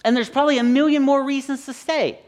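A man's voice: very high voice, fairly even intonation, fast talker, darkish tone. A man in his thirties, a pastor giving a conversational sermon with joking stories and frequent restarts.

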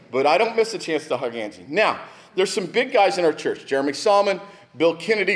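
A man's voice: high voice, lively intonation, brisk. A middle-aged man, a pastor, preaching a sermon in a church in a conversational way, with restarts and asides to the congregation. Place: church sanctuary.

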